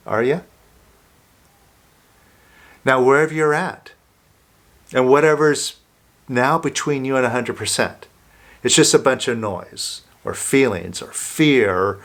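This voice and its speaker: Male self-help coach, unhurried delivery, mid pitch, guiding listener through an exercise. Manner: slow, calm, coaching listener through steps.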